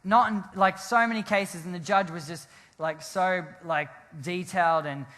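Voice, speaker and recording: A man, a pastor telling a rambling, animated story in a sermon, often laughing and restarting his sentences. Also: sits high, normal speed. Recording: long hall reverb.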